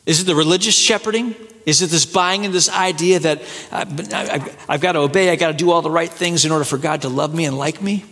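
A man preaching a sermon, rising to excited peaks and then falling soft and low. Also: quick pace. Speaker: pastor. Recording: echoey hall with long reverb.

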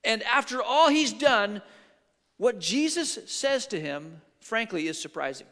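Middle-aged pastor guy preaching, high bright voice, big echoey church hall. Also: measured pace. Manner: animated storyteller acting out quotes. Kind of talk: sermon with storytelling. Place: large church sanctuary. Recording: long hall reverb.

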